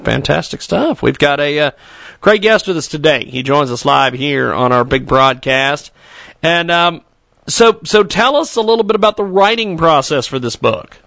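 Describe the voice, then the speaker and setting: A man hosts a casual radio talk show with a gravelly, slightly high voice. He rambles and jokes to himself between segments. His voice sounds dry and close. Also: lively intonation, normal speed, pushed and bright, dry recording.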